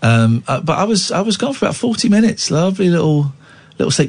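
A man in his forties hosts late-night talk radio. His pitch swings about animatedly as he rambles and teases his co-host and callers. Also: very animated, quick pace, breathy edge. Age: 40s. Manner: rambling, playful and teasing.

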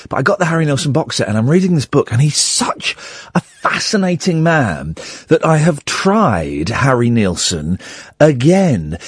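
A man's voice: on the high side, husky, no room sound. A man hosting a phone-in radio show from a studio, chatting in a rambling way and breaking off his own points. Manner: rambling, chatty, self-interrupting. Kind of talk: late-night phone-in radio chat. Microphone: studio microphone.

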